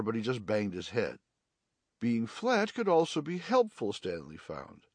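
Male audiobook narrator, expressive children's reading, dry booth sound. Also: medium pitch, no echo.

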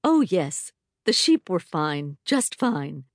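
A woman playing a school librarian who reads a fable aloud to children with expressive, dramatic storytelling. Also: fairly low pitch, slow, no room sound, clean studio sound, exaggerated voice.

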